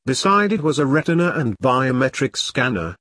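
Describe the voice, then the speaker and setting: A man reads a first-person detective story with dry, deadpan wit. His voice has a husky grain and moves expressively up and down in pitch, recorded close and dry with no room sound. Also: moderate pace, no echo. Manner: wry, deadpan, self-mocking. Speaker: audiobook narrator.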